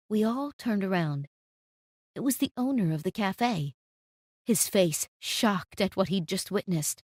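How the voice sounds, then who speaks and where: A woman narrating a first-person story in an expressive storytime style. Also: medium pitch, unhurried, no room sound, studio quality.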